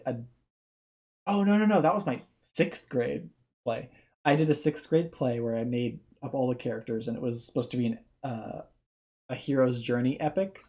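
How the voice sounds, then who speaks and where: A man's voice: mid-range voice, warm tone. A young man giving casual reaction commentary, rambling off on tangents and restarting his sentences.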